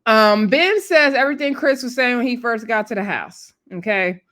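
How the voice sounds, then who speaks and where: A woman's voice: fairly high pitch, moderate pace, a bit bright. A woman hosting a casual, chatty recap of a reality TV episode, talking in a laid-back way with laughing asides and lots of fillers.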